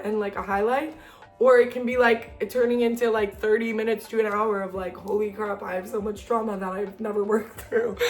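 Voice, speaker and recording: A young woman talking casually and earnestly to the camera about self-care, chatty and full of fillers. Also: medium pitch. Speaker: self-help video creator.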